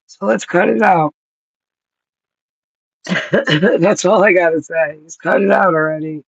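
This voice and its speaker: A man's voice: high-pitched, takes it slowly, vocal fry, pauses often, slightly rough, dry recording, dull audio. A man in his thirties vlogging outdoors on a cold, rainy night, rambling and swearing freely as he thinks aloud. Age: 30s. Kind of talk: rambling casual vlog talk.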